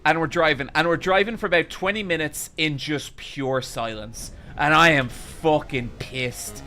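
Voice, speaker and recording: A young man with a high, bright voice tells a long, rambling story to his stream chat, swearing freely and sounding exasperated. Soft music plays behind him. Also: unhurried.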